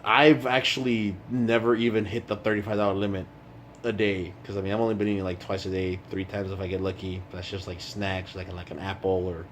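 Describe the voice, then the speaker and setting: Rambling, profane low-voiced man. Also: flat delivery, a little fast, a bit bright, a little hiss or hum. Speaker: vlogger. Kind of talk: casual vlog chat.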